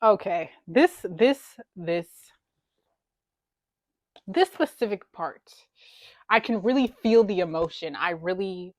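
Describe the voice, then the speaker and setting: A woman hosting a casual music video reaction, excitable and teasing, exclaiming often. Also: fairly low pitch, takes it slowly, pauses often, no room sound. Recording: faint music in background. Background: music video playing faintly.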